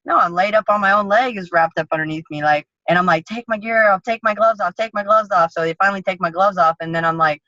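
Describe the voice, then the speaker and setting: Blunt, profane woman fighter with a bright voice. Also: medium pitch, quick pace, few pauses, no echo. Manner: blunt, profane, vivid storytelling. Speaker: MMA fighter guest. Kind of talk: casual interview storytelling. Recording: dull lo-fi sound.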